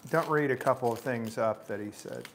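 A man, the host's husband, chatting casually off camera in a home kitchen with short, halting replies. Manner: hesitant and low-key, with short halting replies. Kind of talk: casual chat.

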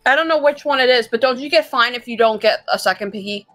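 A woman's voice: fairly high pitch, quick pace, fairly bright tone, faint music behind. A woman chatting playfully with friends on a game stream, trading odd trivia. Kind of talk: casual group chat.

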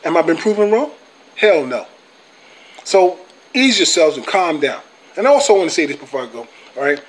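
A man's voice: a little high, very animated, moderate pace. A man ranting at rival sports fans on his channel, profane and taunting, repeating himself with short tags like "bro" and "okay". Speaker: sports vlogger, Cowboys fan. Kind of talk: heated fan rant to camera.

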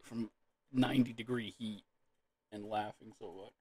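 A man's voice: fairly low pitch, fairly even intonation, normal speed, warm tone, breathy edge. A man talking casually in a solo video with a dry mouth, repeatedly losing his composure in fits of laughter, recorded close to the microphone. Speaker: gaming video creator. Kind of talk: casual solo vlog talk.

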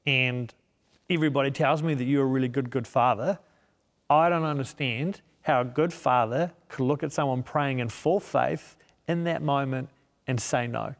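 A man with a gravelly, creaky voice tells a heartfelt personal story as a guest, voicing his own thoughts as he goes. His voice rings with a long hall-like reverb. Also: mid-range voice, moderate pace. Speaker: guest, media missionary. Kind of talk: personal testimony in a sit-down interview.

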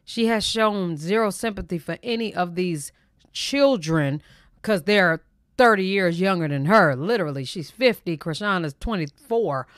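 Woman reaction host, lowish voice, dry close sound, blunt and dismissive commentary. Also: expressive, unhurried, no echo.

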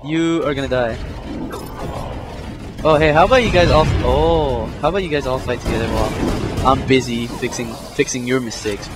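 A young man commenting on his own gameplay in a mid-pitched voice, muttering one moment and yelping in panic the next. He swears freely, and loud game music runs under him throughout. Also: moderate pace. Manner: swears a lot, swings from mutters to panicked yelps. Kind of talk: let's play commentary.

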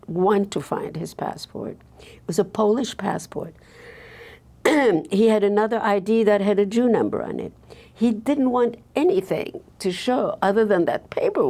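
An older woman from Belgium recalling her past in an oral history interview, halting with frequent restarts. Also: medium pitch, dark tone.

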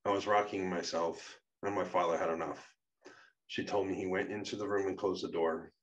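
A man with a deep voice reads his own memoir aloud. His delivery is plain, steady and earnest. The recording sounds dull and set back from the mic. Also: moderate pace. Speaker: narrator. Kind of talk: reading a personal memoir aloud. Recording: muffled, distant mic.

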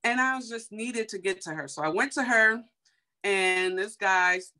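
A young woman from Chicago tells her own story in a loose, casual way. She is animated and leans on fillers, slipping into little acted-out quotes. Her voice is bright and forceful, at a middling pitch. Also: normal speed. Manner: animated, heavy on fillers, acts out quoted dialogue.

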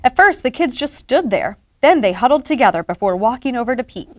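A woman reading a children's picture book aloud, expressive and animated. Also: on the high side, fairly quick, no echo. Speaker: story reader.

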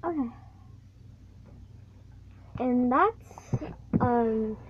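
Halting girl reading aloud, tinny sound. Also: on the high side, expressive, background noise. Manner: halting, stumbles and restarts words. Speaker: reader. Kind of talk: reading a picture book aloud. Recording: tinny phone-like recording.

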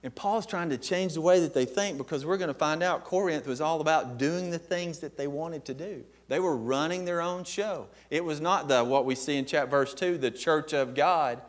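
A man's voice: fairly high pitch, normal speed, few pauses. A man preaching a sermon as pastor, emphatic and posing questions to the congregation.

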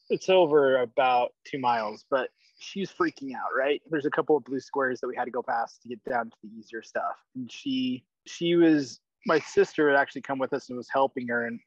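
A man calls in and tells a story casually, swearing often and getting excited. His voice comes through dull and dry call audio. His pitch sits in an ordinary middle range. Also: no room sound. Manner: excited, swears freely while telling a story. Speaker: caller on a coaching call. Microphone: online call.

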